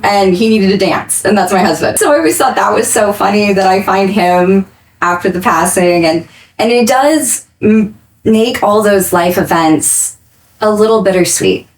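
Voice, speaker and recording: A young adult woman speaking as a podcast guest, earnest and reflective, rushing some phrases and slowing on others. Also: medium pitch, poor audio. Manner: earnest and reflective, quick bursts between slow phrases. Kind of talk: candid interview talk.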